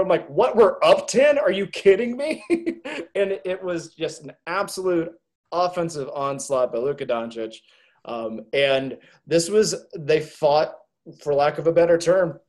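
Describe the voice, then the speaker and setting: High-voiced guy hosting a sports pod, super hyped and loud. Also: a little slow. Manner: loud, exuberant, laughing. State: voice strained from shouting. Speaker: podcast host. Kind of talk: excited casual sports chat.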